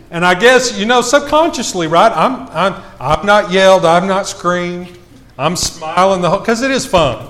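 A man preaching a sermon, telling a self-mocking story with lively swings in his voice. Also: sits high.

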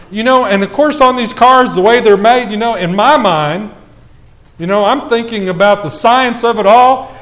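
Preacher guy, kinda high voice, animated self-mocking storytelling in a sermon.

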